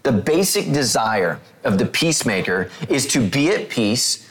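A man preaching a sermon. He reads scripture slowly and retells it in casual, animated paraphrase, talking straight to his listeners. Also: mid-range voice. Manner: talks directly to listeners, asks them to take notes.

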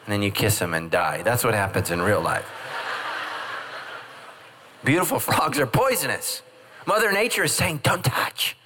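A man's voice: lowish voice, lively intonation, normal speed, pauses often, bright, forceful tone, a little hiss or hum. A middle-aged man preaching a humorous sermon as pastor, joking and acting out quoted voices. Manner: jokey, acts out quoted voices.

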